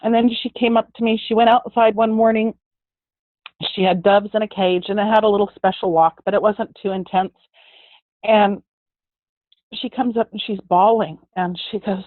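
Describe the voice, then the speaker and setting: A woman's voice: mid-range voice, fairly even intonation, normal speed, no room sound. A middle-aged woman giving a heartfelt personal testimony in an earnest way, often restarting her sentences. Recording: tinny phone-like sound, dry.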